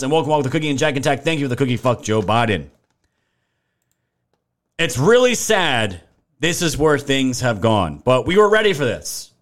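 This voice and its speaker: Young guy ranting on his political livestream, kinda higher voice, cussing, shouting out chat names. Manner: indignant, emphatic, swearing, thanking viewers by name. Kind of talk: livestream commentary reading chat.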